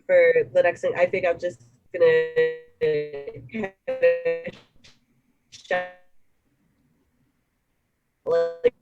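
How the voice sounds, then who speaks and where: Slow woman player on dull call audio. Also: on the low side, wildly swooping pitch, vocal fry, loud music behind the voice. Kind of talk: tabletop game play over a call.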